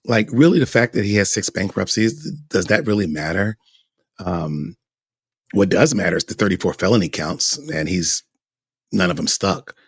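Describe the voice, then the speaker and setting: A man's voice: sits low, animated, normal speed, gravelly, breathy edge, no echo, studio quality. A man hosting a podcast, talking through his views in a rambling, emphatic way with many repeated words. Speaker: podcast host. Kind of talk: casual commentary.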